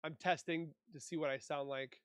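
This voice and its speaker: A man's voice: on the high side, fairly even intonation, moderate pace, loud music behind the voice. A man from Minnesota hosting a casual livestream, chatting and reading viewer comments aloud into a desk mic. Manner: chatty, reads and answers chat aloud. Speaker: livestream host.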